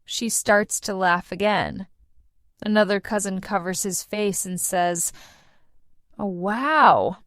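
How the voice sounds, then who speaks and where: Slow, deliberate woman narrating a story. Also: mid-range voice, level tone, clean tone, no room sound, clean studio sound. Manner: slow, deliberate reading aloud. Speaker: English teacher narrator. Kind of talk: scripted first-person story narration for learners.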